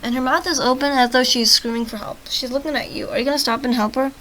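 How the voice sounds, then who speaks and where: A woman reads a text-based zombie game aloud for her channel, breaking off into chatty, self-mocking asides. Her voice sits a little high and rings bright and forceful, and she keeps stumbling over words and shrugging it off. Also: steady tone, quick pace, slight background noise, low-quality recording. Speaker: let's-play host reading a text game aloud. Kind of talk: reading an interactive story aloud with chatty asides.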